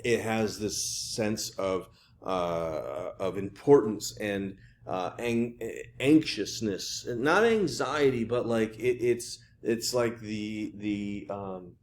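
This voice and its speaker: A man's voice: on the low side, takes it slowly. Chatty male art history professor. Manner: chatty, with many fillers and restarts. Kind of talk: casual classroom lecture.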